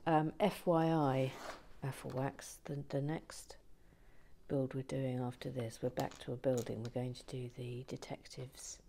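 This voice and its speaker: A woman chatting casually to a live stream as she builds a kit, often dropping to a soft whisper and muttering to herself. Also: a bass voice, level tone, measured pace, slight background noise. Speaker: streamer building a brick kit and reading chat.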